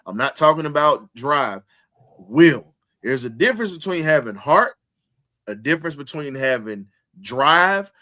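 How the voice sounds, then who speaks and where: A man's voice: a little high, sing-song, moderate pace, sharp tone. A man hosting a heated sports talk show, speaking with an emphatic, preaching cadence and repeating phrases to drive points home.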